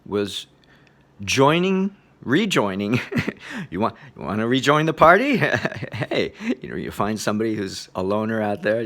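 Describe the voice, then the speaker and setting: A man giving a relaxed spoken lecture on meditation, chuckling often in a loose, playful way. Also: mid-range voice, unhurried. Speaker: meditation teacher.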